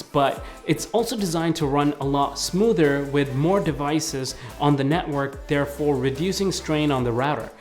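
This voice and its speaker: Chatty, excitable male tech reviewer. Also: fairly high pitch. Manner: chatty and excitable, leans heavily on "like". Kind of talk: casual video review.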